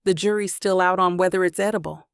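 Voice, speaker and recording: A woman reads as a playful young father, teasing and easygoing in a romance audiobook. The voice has a gravelly edge and sits in a middle range. The sound is dry and close. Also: lowish voice, fairly even intonation, fast, no room sound, close to an everyday voice.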